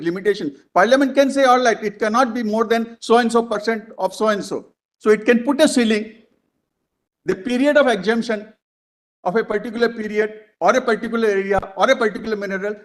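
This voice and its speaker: A man arguing a legal case before a court, calling the bench "my lord" again and again, with halting restarts, recorded in a courtroom. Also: high-pitched.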